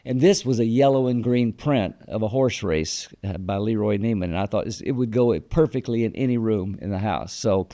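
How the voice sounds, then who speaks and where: Gravelly man telling stories. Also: lowish voice, moderate pace, hardly any pauses, mellow. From Texas. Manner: rambling anecdotes with fillers, quoting others. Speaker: guest. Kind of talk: storytelling interview.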